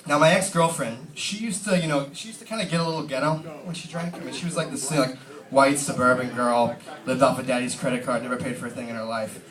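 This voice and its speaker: A man's voice: mid-range voice, fast, fairly bright tone. A man doing a stand-up comedy set in a pub, rambling and full of fillers, recorded from a distant camera. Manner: rambling, filler-heavy, casual storytelling. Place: pub stage. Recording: roomy pub sound from a distant mic.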